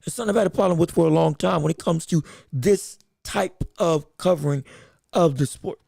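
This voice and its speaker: A woman's voice: sits low, fairly quick, vocal fry, dark tone, slightly rough, no echo, clean studio sound. A woman hosting a live sports podcast, rambling and emphatic, stopping often to greet viewers from the chat. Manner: emphatic and opinionated. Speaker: podcast host. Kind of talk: live-streamed sports commentary.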